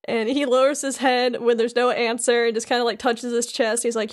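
A woman's voice: fairly high pitch, a little fast. A young woman co-hosting a podcast, chattily recapping a video game with lots of fillers. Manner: animated, chatty, full of "like". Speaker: podcast co-host. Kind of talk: casual chat, recapping a game.

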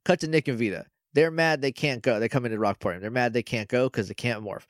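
A man's voice: medium pitch, fast, no echo, studio quality. A man co-hosting a podcast, casually retelling scenes in a jokey way and quoting characters' lines. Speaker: podcast co-host. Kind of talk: casual recap chat.

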